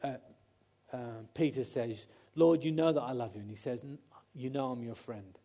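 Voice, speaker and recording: A man's voice: medium pitch, moderate pace, dark tone. A man preaching a conversational sermon, often acting out quotes and restarting his sentences.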